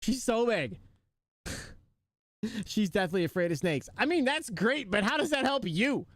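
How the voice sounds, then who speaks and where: A man's voice: sits high, lively intonation, normal speed, a bit bright. A man live streaming, chatting casually and joking with his viewers, laughing often.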